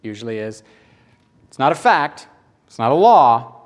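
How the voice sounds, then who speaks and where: Guy preaching, gets loud then goes real quiet, repeats stuff for emphasis. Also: medium pitch, sing-song, measured pace. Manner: emphatic, repeats phrases, swings between loud and hushed. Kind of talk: sermon.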